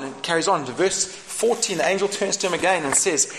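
A man preaching a sermon in an animated, humorous way, acting out the voices in the scripture. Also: high-pitched, quick pace, hardly any pauses. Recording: echoey room with background noise.

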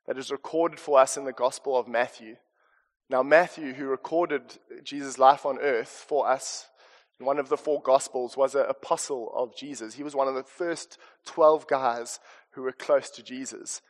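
A man's voice: medium pitch, normal speed. A man with a South African accent preaching a conversational, earnest sermon with chatty asides, in a church hall. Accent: South African English. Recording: long reverb of a church hall.

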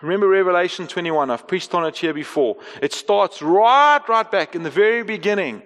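A man in his thirties preaches with a high, earnest voice. He drops to slow, quiet passages, then lifts into raised, emphatic lines. His voice rings out with a long echo in a church hall. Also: animated. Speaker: pastor. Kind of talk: sermon.

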